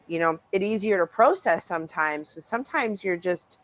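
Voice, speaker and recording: Guest author, woman from Canada, low voice, dry close sound; chatty and expressive. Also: moderate pace, dry recording, low-quality recording. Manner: animated, laughing, acts out quoted voices. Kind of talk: casual interview talk.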